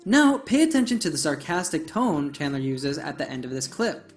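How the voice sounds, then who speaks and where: Woman teaching english, low-ish voice that jumps around a lot, faint music under it. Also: sing-song, moderate pace, a little mellow. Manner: clear, explanatory, stresses key words. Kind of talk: scripted lesson narration.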